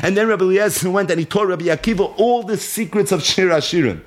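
Quick and high-pitched, a man teaching Torah reads Aramaic lines from the Talmud and Zohar in a half-chant. He then translates the text and recounts it in story form.

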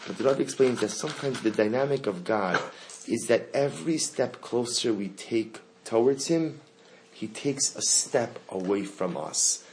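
A man's voice: medium pitch, slight background noise. A man teaching a Torah lesson to a class. He asks the students questions and repeats the key phrases.

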